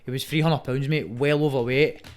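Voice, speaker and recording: A young Scottish Muay Thai fighter, appearing as a guest on a casual podcast, talks earnestly and swears freely, calling people "mate" a lot. His voice is medium in pitch, fairly even in intonation, and moderately paced.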